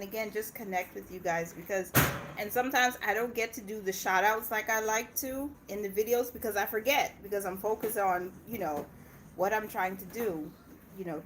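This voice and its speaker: A woman's voice: medium pitch, noisy background. A young woman from Indiana chatting casually on a livestream, laughing often and breaking off to talk to her kids. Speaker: personal finance channel host.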